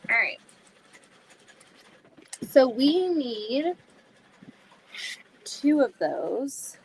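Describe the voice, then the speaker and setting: A woman's voice: high-pitched, big pitch swings, extremely slow, a little hiss or hum. A woman hosting a casual sewing livestream, chatting to viewers and thinking aloud as she cuts fabric. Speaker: livestream host.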